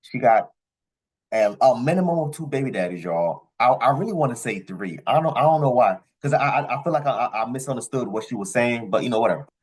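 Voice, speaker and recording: A man giving blunt, profane commentary as a vlogger, with his pitch jumping high on the words he stresses. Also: animated, a little fast, darkish tone, slightly rough, low-quality recording. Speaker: commentary vlogger reacting to a clip. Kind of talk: ranting commentary.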